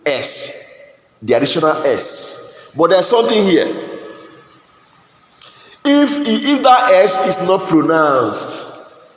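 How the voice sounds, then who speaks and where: In an echoey classroom with faint noise, a man with a Nigerian English accent teaches English grammar. His voice is high and very animated but slow, with long pauses, and he keeps asking the class "what?" before answering himself, repeating and restarting often.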